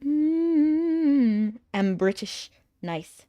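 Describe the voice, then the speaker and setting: A chatty woman streamer talks casually to her viewers while she plays a game, her slightly high voice rising and falling in a very lively way. She rambles through stories and laughs often. The sound is close and dry, with almost no room echo. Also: drawn-out words. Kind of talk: casual chat while playing an online game.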